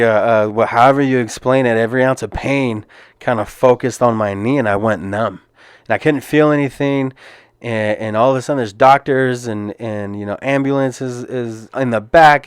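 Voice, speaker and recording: A young man tells his story on a podcast in a casual, earnest way, stumbling and restarting as he goes. His voice sits at a medium pitch. The sound is dry and close, with no room echo. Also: clean tone. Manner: earnest, casual, many restarts and repeated words. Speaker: podcast host and MMA fighter. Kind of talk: personal storytelling.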